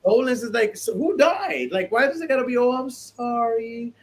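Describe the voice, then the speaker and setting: A man's voice: very high-pitched, very animated, fast. A man co-hosting a podcast in casual chat, talking animatedly, repeating himself and laughing often. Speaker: podcast co-host.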